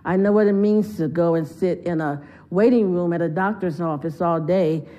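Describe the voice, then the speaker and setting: A woman's voice: fairly low pitch, normal speed, dark tone, lo-fi sound. A woman giving a heartfelt, conversational sermon as a guest speaker in a church. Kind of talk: sermon storytelling.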